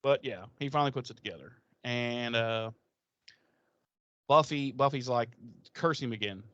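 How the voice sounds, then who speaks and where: Dude recapping a show, swears a lot, dry close mic, acts out the lines. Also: male voice, medium pitch, moderate pace, smooth, dry recording, lo-fi sound. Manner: profane, animated retelling with acted quotes. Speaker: podcast co-host. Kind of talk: casual episode recap.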